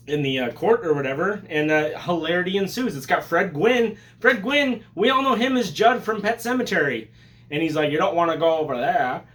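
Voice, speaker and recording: A man hosting a casual vlog, excitable and joking, with profanity and sudden loud bursts. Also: on the high side. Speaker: collector vlogger.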